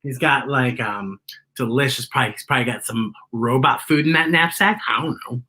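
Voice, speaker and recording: A woman's voice: a bass voice, fairly quick, pushed and bright. A woman reading a picture book aloud to children, with chatty asides about the illustrations. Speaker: children's story reader.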